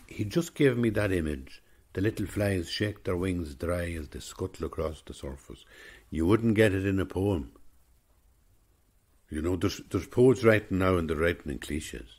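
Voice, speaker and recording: Deep husky older Irish storyteller. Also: male voice. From Ireland. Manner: reflective, digressive. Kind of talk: rambling storytelling monologue.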